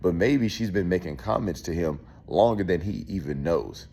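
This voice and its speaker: Guy with a real low voice just chatting it through, lots of um and you know, loose and rambling. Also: moderate pace, darkish tone. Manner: loose and conversational, many fillers and restarts. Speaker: host. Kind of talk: casual commentary.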